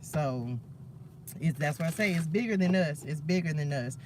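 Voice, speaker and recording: A man's voice: on the high side, expressive, normal speed, darkish tone, a little hiss or hum. A man hosting a spiritual live stream, talking fervently and preachily to his viewers and calling them "y'all".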